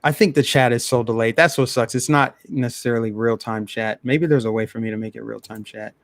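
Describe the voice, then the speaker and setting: A man's voice: mid-range voice, steady tone, fairly quick, no echo. A man hosting a live stream, ranting bluntly in casual commentary and talking straight to his chat.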